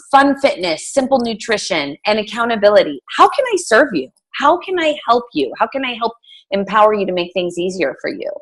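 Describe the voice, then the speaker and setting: A woman's voice: medium pitch, a bit bright. A middle-aged woman, a fitness coach, giving a casual team training talk, chatty with many fillers and restarts.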